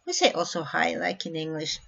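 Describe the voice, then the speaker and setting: A woman from Belgium with a Flemish accent, teaching a beginner language lesson and repeating each phrase slowly for learners. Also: low voice, big pitch swings, vocal fry, fairly bright tone, breathy edge, lo-fi sound.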